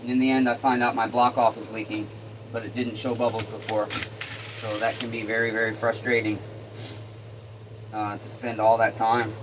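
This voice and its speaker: A man's voice: lowish voice, moderate pace, pauses often. A man streaming live from his repair workshop, talking casually while he works and muttering curses under his breath. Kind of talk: casual livestream talk while working. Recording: steady air-conditioning hum.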